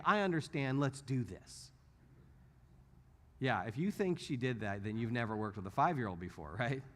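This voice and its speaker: A middle-aged man giving an apologetics teaching talk in a church, telling stories and acting out the people he quotes. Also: a little high. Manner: animated storytelling, acts out quotes. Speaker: apologetics speaker.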